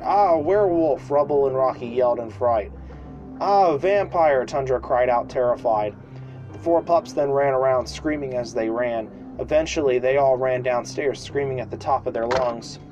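Over faint background music in a rough recording, a man with a fairly even, mid-range voice reads a children's story for a podcast at normal speed. It's an unpolished home reading, with little restarts and characters' cries shouted loudly.

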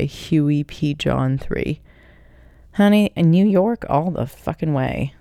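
Slow, smooth-voiced podcast woman. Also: low voice, warm tone, no room sound, studio quality. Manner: blunt and profane, upbeat. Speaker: podcast host. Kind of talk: casual solo podcast, reading listener questions.

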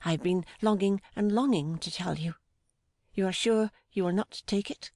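A woman reading the part of a gentle, timid young woman, speaking softly and hesitantly with deep affection. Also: moderate pace, dry recording, clean studio sound, natural voice. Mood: tender. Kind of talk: audiobook dialogue reading.

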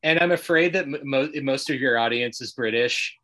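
A man's voice: medium pitch, normal speed, sharp tone. An American man chatting as a podcast guest, rambling with lots of fillers and self-corrections. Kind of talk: casual chat.

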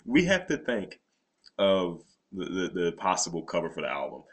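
A man's voice: sits low, sing-song, moderate pace. A man co-hosting a podcast in casual chat, rambling and often restarting his sentences. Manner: rambling, restarts a lot, laid-back. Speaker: podcast co-host.

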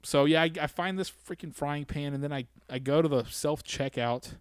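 A man's voice: on the high side, moderate pace, smooth, dry recording, studio quality. A man co-hosting a podcast, chatting casually and acting out the people in his anecdotes as he tells them. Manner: animated storyteller who acts out the people in his anecdotes. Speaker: podcast co-host. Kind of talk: casual chat.

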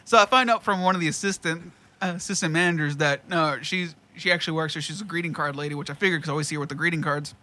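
Racing along with few pauses, a man with a high-ish, sharp-toned voice recounts a work story full of profanity. He's laid-back about it, laughs a lot and acts out what people said through quoted dialogue.

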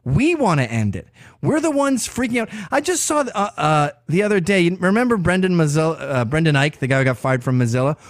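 A man hosts his own podcast in a brash, crude monologue full of sarcasm. His fairly high voice swings widely in pitch as he rants. The recording is dry and close, with no room sound. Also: animated, fairly quick, no room sound. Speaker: podcast host. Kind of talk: opinionated monologue.

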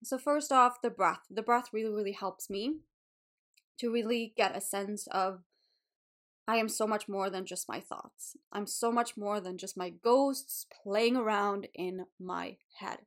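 A woman's voice: medium pitch, measured pace. Candid woman yoga teacher podcasting. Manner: candid, emotional, swears casually. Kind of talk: casual solo podcast talk.

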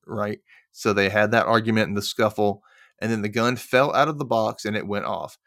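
A man's voice: on the low side, vocal fry, a bit bright, no room sound, studio quality. A man hosting a podcast, casually recapping a TV episode and acting out lines as he goes. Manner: retells scenes with quick voiced asides. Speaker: podcast host.

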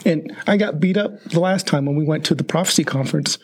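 A man's voice: a little high, fast talker. An outgoing, talkative man speaking reflectively in a casual faith podcast chat.

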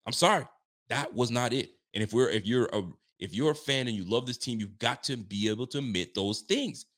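A man with a medium-pitched, somewhat bright voice talks a little fast while hosting a late-night post-game reaction livestream as a sports fan show host. Fired up but keeping his volume down, he rants emphatically and reads viewer messages aloud before answering them.

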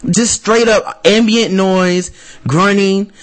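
A man co-hosting a podcast with a slightly high voice, talking in a loose and profane way. He tells stories with energy and slips into mock voices. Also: fairly even intonation, slow pace. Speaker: podcast co-host. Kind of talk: casual chat.

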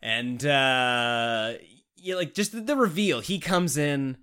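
Lively man from Canada, animated chat. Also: mid-range voice, slow pace, clean tone. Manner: animated, swearing, laughing, talks in bursts with restarts. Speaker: podcast co-host. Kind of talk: casual chat.

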